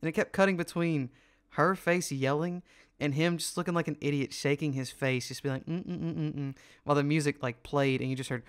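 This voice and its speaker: A man's voice: fairly high pitch, steady tone, fairly quick, clear, resonant tone. A young man co-hosting a casual podcast, rambling through crude stories with a lot of "like" and frequent laughing. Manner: rambling storytelling, lots of "like", bursts of laughter. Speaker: podcast co-host.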